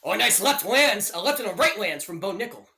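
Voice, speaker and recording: A young man giving jokey, excitable play-by-play commentary on a live fight stream, breaking into loud outbursts. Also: high-pitched, a little fast.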